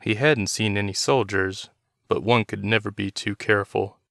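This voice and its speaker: A man narrates a dark story in a steady, measured way, his voice low and smooth. The recording is dry and close, with no room sound. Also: dry recording. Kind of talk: reading a story aloud.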